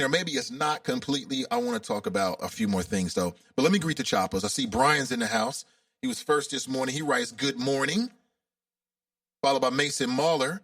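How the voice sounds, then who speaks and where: A man's voice: on the high side, creaky, fairly bright tone, no room sound, studio quality, distant mic. A man from Cincinnati hosting a casual call-in radio talk show, chatty and openly emotional. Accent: Cincinnati, Ohio.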